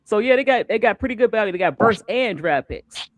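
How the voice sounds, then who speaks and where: A man hosting a casual sports talk stream, animated and repeating words as he gets going. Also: sits high, brisk, dry recording, studio quality. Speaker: show host.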